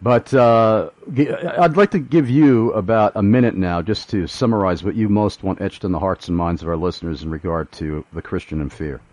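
A man's voice: deep voice, normal speed, hardly any pauses, darkish tone. A man hosting a radio talk show, telling a personal story with frequent hesitations and chuckles.

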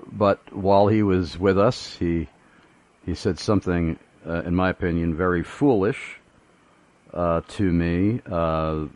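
A man's voice: sits low, dry recording. A man hosting a radio talk show, telling a personal story with frequent hesitations and chuckles.

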